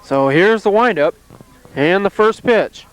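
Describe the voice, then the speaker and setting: A man calling play-by-play at an amateur softball game outdoors, in a calm, steady, plainly descriptive way. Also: sits high, unhurried, clear, resonant tone, low-quality recording. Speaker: play-by-play announcer.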